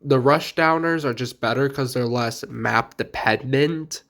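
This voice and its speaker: A man's voice: medium pitch, unhurried, fairly bright tone. A young man with a sick voice giving blunt, offhand commentary on game characters in a casual video. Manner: blunt, offhand, mildly crude. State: sick, stuffy voice. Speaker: gaming video creator.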